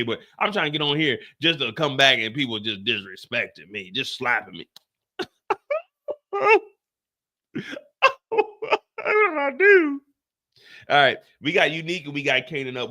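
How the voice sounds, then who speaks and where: A man with a mid-range voice, pushed and bright, streams a casual chat as a show recap streamer. He's tired-sounding but theatrical, comically exasperated, swearing and retelling things repetitively.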